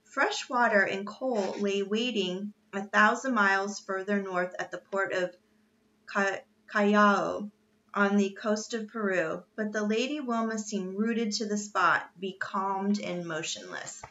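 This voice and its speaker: A woman reading a children's novel aloud in steady narration. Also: medium pitch, measured pace, dull audio. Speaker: reader. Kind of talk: storybook read-aloud.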